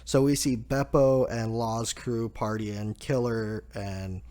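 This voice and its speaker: A man hosting a casual chapter review, relaxed, laughing often and saying "like" a lot. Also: on the low side, slow pace. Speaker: manga review host.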